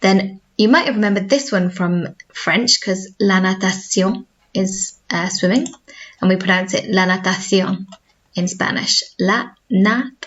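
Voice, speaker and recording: Recorded lo-fi, a woman with a mid-range, slightly bright voice speaks at a measured pace. A school language teacher with a Welsh accent, she gives a video lesson, patiently explaining and repeating each model word several times.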